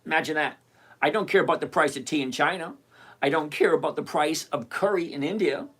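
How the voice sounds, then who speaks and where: A man's voice: a little high, a little fast, fairly bright tone, slightly rough. An older retired man hosting a live stream, chatting casually and emphatically as he answers viewers by name. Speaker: livestream host answering viewer questions.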